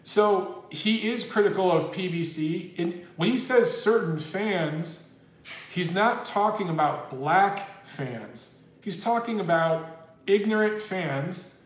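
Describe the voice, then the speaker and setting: Slow and expressive, a high-voiced man hosts a boxing livestream in a reverberant space. He reads viewer super chats aloud in a chatty, rambling way, with plenty of "dude."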